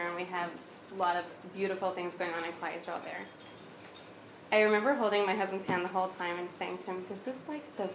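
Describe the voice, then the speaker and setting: A woman telling a personal story in a blunt, lively way, acting out both sides of past conversations. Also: on the low side. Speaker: speaker sharing her story. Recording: echoey room with faint noise.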